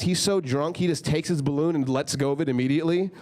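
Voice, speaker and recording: A man's voice: a little high, fairly even intonation, quick pace, a little mellow. Young male stand-up comic, chatty. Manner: casual, filler-heavy storytelling with frequent "like". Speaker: stand-up comedian. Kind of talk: stand-up comedy set. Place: comedy club stage.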